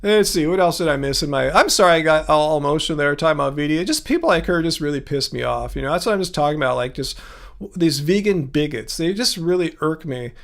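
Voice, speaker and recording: Male livestream host, higher-pitched voice, sarcastic ranting, chatty with viewers. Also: lively intonation, fast, vocal fry, fairly bright tone. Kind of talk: casual livestream chat reading viewer comments.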